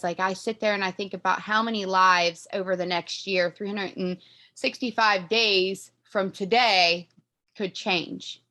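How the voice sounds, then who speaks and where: A team leader in her thirties runs a motivational video call, speaking earnestly and emotionally with many fillers as she rambles, until she grows tearful and her voice breaks. It's a medium-pitched, pushed and bright voice with no echo.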